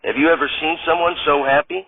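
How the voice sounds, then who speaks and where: A man doing a smooth scheming peddler. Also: on the high side, steady tone, fast talker, a crowd in the background, natural voice. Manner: smooth, matter-of-fact salesman patter. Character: smooth scheming drug peddler, male, adult. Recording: tinny phone-like sound.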